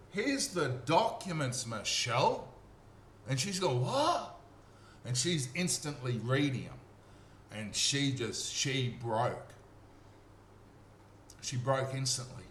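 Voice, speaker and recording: Aussie guy telling a story, acts out the voices, roomy echo, bit of hum. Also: medium pitch. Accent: Australian. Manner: animated, acts out quoted voices. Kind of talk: casual storytelling monologue. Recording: echoey room with faint hum.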